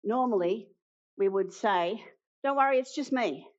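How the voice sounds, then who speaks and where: A woman preaching a sermon, retelling a story with dramatic pauses and acted-out quotes. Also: mid-range voice, darkish tone. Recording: dull lo-fi sound.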